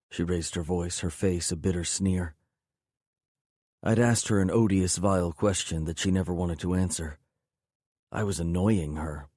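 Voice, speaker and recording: A man's voice: low-pitched, fairly even intonation, unhurried, darkish tone, dry recording, clean studio sound. A man narrating an audiobook in first person, intense and brooding.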